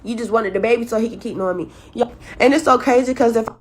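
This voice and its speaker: A woman's voice: fairly high pitch, fast. A young mother venting to camera about her child's father, exasperated and full of swearing. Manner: profane, exasperated. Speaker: clip subject, young mother.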